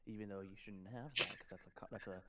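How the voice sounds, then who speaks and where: Halting male game master. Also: on the low side, steady tone, far from the mic, heavy background noise. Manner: halting, explanatory, many fillers and restarts. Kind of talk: running a tabletop game over voice chat.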